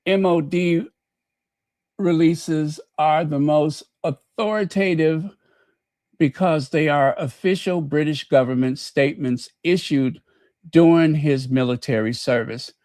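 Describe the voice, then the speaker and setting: A man's voice: fairly high pitch, takes it slowly, darkish tone, no room sound, studio quality. A man hosting his own podcast, talking in a folksy, chatty way and telling stories. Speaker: podcast host. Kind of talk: casual commentary.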